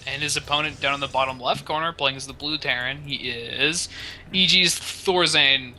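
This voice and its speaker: A young man co-casting a video game match, easygoing and quick to laugh along with his partner. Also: mid-range voice, flat delivery, sharp tone, a little hiss or hum. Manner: laughing, agreeable banter. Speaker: game co-commentator. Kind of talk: casual esports commentary.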